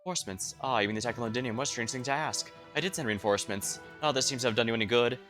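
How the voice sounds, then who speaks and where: A man voicing a haughty, ancient fairy queen, cold and disdainful, delivered quickly over soft game music. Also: mid-range voice, close to an everyday voice. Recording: faint game music behind.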